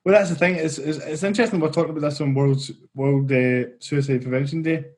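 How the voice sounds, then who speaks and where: A man's voice: a little high, fairly even intonation, fast talker, a little mellow. A Scottish man hosting an interview, friendly and encouraging, talking openly about mental health. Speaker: podcast host. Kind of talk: casual interview chat.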